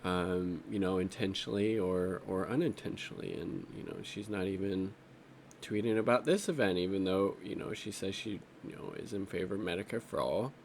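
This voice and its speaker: A man's voice: low voice, lively intonation, fairly quick, gravelly, a little hiss or hum. A man giving casual off-the-cuff political commentary while browsing social media, rambling and profane, with an exasperated edge.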